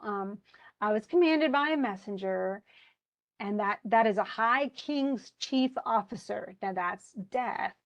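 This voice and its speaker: A woman giving a lively classroom lecture, acting out characters' lines as she explains them. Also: medium pitch, lo-fi sound. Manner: animated, acts out characters' lines in quotes. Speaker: literature lecturer.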